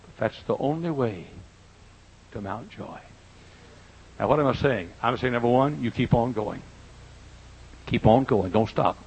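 An older man preaching a folksy sermon in a church, swinging from quiet asides to loud, drawn-out emphasis, with a husky voice. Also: medium pitch, poor audio. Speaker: pastor. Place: church auditorium.

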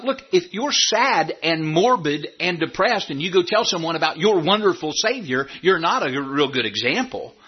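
A man preaching a sermon in a church, animated, repeating phrases and asking rhetorical questions. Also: a little high, breathy edge, lo-fi sound. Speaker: pastor. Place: church sanctuary.

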